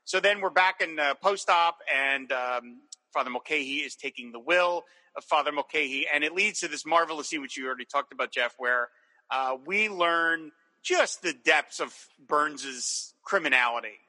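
Podcast co-host, male, high and very bright voice, lively, acts out quoted lines. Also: moderate pace. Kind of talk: casual chat about a TV episode.

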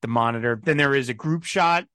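A man co-hosting a casual comics podcast, animated and laughing often, slipping into mock voices for asides. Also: mid-range voice, a little fast, no echo, clean studio sound. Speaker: podcast co-host. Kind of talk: casual chat about comics.

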